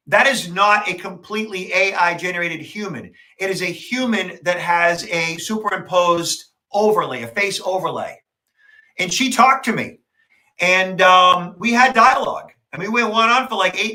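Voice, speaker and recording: A man with a high, very bright and forceful voice talks on a podcast. He tells his story quickly and with emphasis, pushing each point home. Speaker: podcast co-host, security expert. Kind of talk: casual podcast conversation.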